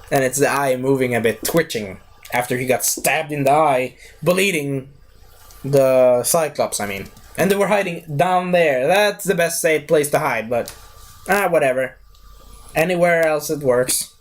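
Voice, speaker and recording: A young man reviewing a cartoon series in a loose, chatty, digressive way. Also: fairly high pitch. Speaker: video reviewer. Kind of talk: casual rambling review.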